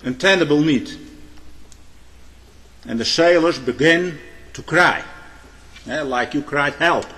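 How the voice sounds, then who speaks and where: A man preaching a sermon. He tells illustrative stories, pauses on hesitations, and keeps adding a questioning "eh?". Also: fairly high pitch, sharp tone, faint music behind. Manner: frequent "eh?" tag questions, halting restarts. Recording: long hall reverb.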